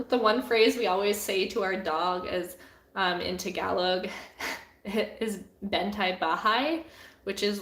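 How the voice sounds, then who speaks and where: A woman's voice: mid-range voice, fairly bright tone. Woman painter, chatty live-stream host, laughs a lot, mid-range voice in an echoey room. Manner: chatty, laughs often, many "like" fillers. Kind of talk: casual live-stream chat. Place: home studio room.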